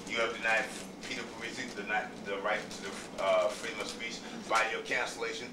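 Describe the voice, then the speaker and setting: A man's voice: on the low side, flat delivery, a little fast. A man speaking at a public board meeting, rambling and emphatic. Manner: rambling, emphatic, keeps saying "guess what". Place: meeting room, indoors. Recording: echoey room from far off, clear noise.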